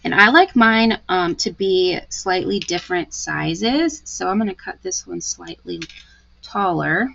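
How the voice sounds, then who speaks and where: A woman's voice: lowish voice, unhurried, gravelly, fairly bright tone, dull audio, a little hiss or hum. A woman giving a live craft tutorial, chatty and gushing as she talks through each step. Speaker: card-making demonstrator.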